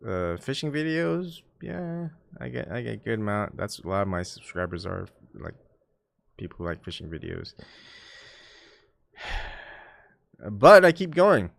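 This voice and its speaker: A man's voice: on the low side, creaky, a bit bright, no room sound, clean studio sound. Rambling man chatting on a live stream. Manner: rambling, self-mocking, with many fillers and restarts. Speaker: YouTube channel host. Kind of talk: casual live-stream chat.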